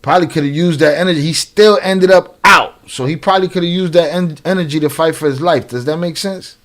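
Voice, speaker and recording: A man's voice: a little high, a little fast, fairly bright tone. Slangy, joking man reacting to footage. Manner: slangy, joking, laughs often. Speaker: reaction streamer. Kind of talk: casual reaction commentary.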